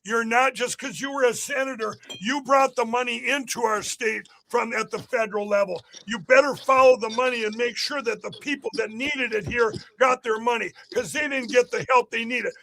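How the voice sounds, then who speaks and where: A political candidate giving an emphatic, repetitive rally-style interview on a podcast. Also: male voice, extremely high pitch, steady tone, normal speed, vocal fry, few pauses, bright, forceful tone, slight background noise.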